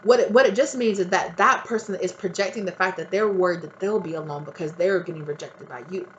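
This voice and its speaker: A woman's voice: on the low side, fast talker, lo-fi sound, slight background noise. Blunt, swearing tarot reader woman. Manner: blunt, emphatic, swears freely; talks straight to the viewer, often adds "right?". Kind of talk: casual spiritual advice monologue.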